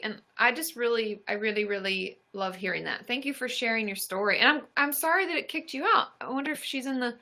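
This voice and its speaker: A young adult woman therapist hosting a live stream, upbeat and encouraging as she answers viewers. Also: mid-range voice. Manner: upbeat and encouraging, squeals excitedly at gifts.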